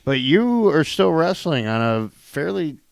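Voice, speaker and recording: A man co-hosting a podcast, joking and grumbling in a low-key way. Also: very animated, measured pace, creaky, clear, resonant tone, no room sound. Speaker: podcast co-host. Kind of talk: casual chat.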